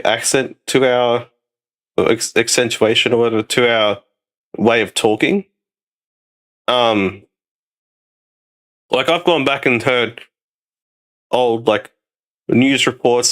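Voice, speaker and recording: An Australian-accented man hosts a loose, rambling chat stream, his mid-range voice fairly bright in tone. He swears now and then.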